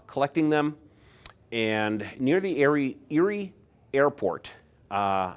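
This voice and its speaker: A man in his sixties from Pennsylvania recounts his collecting days in a relaxed, conversational way. His voice sits a little low, and he gets animated whenever he acts out what other people said. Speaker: insulator collector. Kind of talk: casual storytelling.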